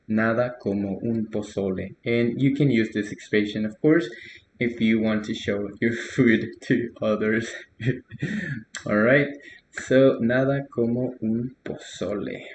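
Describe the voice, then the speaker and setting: Young guy, going slow over a learner's post, lots of uhs, roomy echo. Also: mid-range voice, slight background noise. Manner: relaxed, hesitant, many fillers, soft laughs. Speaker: language tutor. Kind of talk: casual correction of a learner's post.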